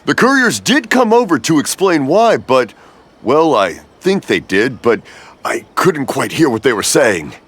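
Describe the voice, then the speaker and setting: A man's voice: mid-range voice, big pitch swings, measured pace, breathy edge, full character voice. A man voicing a cheerful, hard-of-hearing older father in a video game dub, rambling and often mishearing. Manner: rambling, mishears, laughs warmly.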